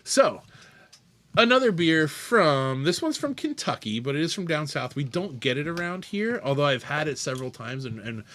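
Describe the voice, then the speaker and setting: On a laid-back beer podcast, this male co-host speaks with a fairly high voice at a steady, moderate clip. His chat is full of lively stories, frequent laughter, and characters he voices himself.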